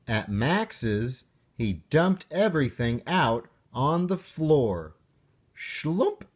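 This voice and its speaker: A man reading a children's picture book aloud with expressive delivery and playful sound words. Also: medium pitch, takes it slowly. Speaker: narrator.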